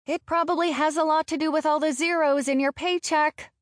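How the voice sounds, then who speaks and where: Woman doing a mouthy sarcastic teen girl, slow and snippy, dry close audiobook sound. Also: fairly high pitch, sing-song, no echo, pitched above the performer's own voice. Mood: snappy. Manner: snappy and sarcastic. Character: defiant, sarcastic 17-year-old girl performer. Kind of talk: audiobook dialogue.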